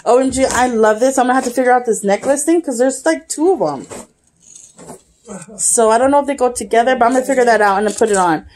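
Excitable young woman gushing over a gift. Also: a little high, quick pace, a little hiss or hum. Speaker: YouTube vlogger. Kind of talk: casual unboxing vlog. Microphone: camera, face not shown.

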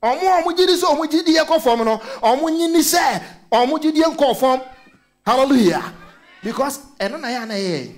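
A Ghanaian male pastor preaching with a high, bright-pitched voice. He switches freely between Twi and English, acting out little stories and calling out hallelujah to the congregation. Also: a little fast. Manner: mixes Twi and English, animated storytelling, calls out hallelujah. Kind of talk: sermon.

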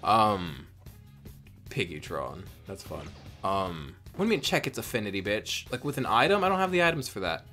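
A man's voice: fairly low pitch, very animated, moderate pace, pushed and bright, faint music behind. Rambling, profane man playing a game. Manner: rambling, profane, playful, self-mocking. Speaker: let's play host. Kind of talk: casual gameplay commentary.

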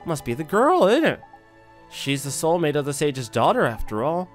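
A man voicing an excitable little male fairy, brash and scolding, reading game dialogue. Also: fairly high pitch, normal speed, soft background music, pitched above the performer's own voice. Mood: alarmed.

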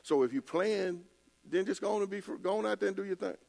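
Older pastor guy preaching in church, gravelly voice, chatty stories, laughs at himself. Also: sits high, fast talker, darkish tone. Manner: casual storytelling preaching, colloquial, self-laughing asides. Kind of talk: sermon.

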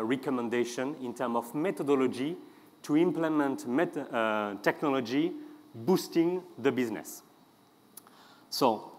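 A man with a French accent giving a conference talk, halting often with fillers and restarts. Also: mid-range voice. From France. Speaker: speaker. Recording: long hall reverb.

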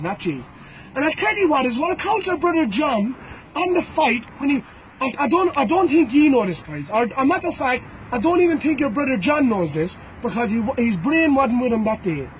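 A man's voice: very high voice, slight background noise, rough recording. An Irish man, a bare-knuckle fighter, records a challenge to a rival, taunting and threatening him and repeating names and "boys" over and over.

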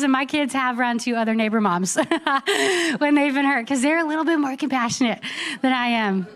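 A middle-aged woman pastor delivers a sermon in a fairly high voice. She tells stories with lively energy and laughs often, then turns soft and slow when reading scripture.

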